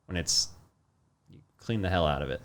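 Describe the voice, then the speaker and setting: A man's voice: deep voice, moderate pace, background noise. A man hosting a casual podcast from his basement, playfully quizzing his guest. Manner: playful quizzing, lively up-and-down delivery. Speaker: podcast host. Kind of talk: casual chat. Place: home basement.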